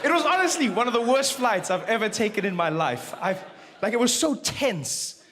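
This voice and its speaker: A man's voice: sits high, lively intonation, normal speed. A man from doing a stand-up comedy routine, telling stories animatedly and acting out voices, recorded in a noisy live venue. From South Africa.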